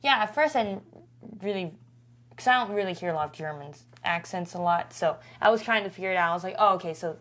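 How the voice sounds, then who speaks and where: A woman's voice: lowish voice, animated, fast. A woman co-hosting a podcast in casual chat, talking with lots of fillers and restarts. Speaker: podcast co-host.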